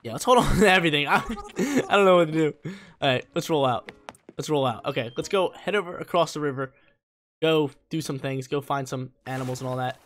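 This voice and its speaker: A young man talks through a video game in a loose, slangy way, bursting into excited yelps. His voice sits fairly high for a man. Faint game music plays underneath. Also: a little fast. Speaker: gaming channel host. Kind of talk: casual gameplay commentary.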